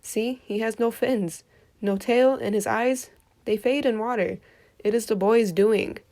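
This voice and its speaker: A woman's voice: fairly high pitch, fairly even intonation, measured pace, mellow. A woman voicing a cruel, boastful male king of sharks who rages and gives commands in a storybook reading. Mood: raging. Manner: raging and commanding.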